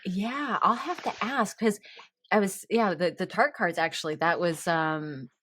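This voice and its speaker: A woman's voice: fairly low pitch, unhurried, a bit bright, slight background noise. A woman hosting a casual chat podcast, giggly and laughing often between sentences. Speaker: podcast host.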